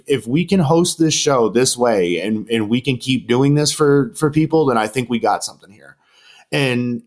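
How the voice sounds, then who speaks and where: Podcast host guy just talking, rambly and casual, lots of "like" and restarts, gets animated doing other people's lines. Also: medium pitch. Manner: rambling, many restarts and fillers; animated when quoting others. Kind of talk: casual storytelling chat.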